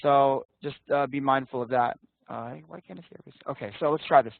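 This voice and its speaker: A man's voice: medium pitch, fast talker, creaky, dry recording. Blunt man teaching over a call. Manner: casual, blunt, swears, quizzes students. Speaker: interview prep instructor. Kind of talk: online class teaching. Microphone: video call. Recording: tinny dry call audio.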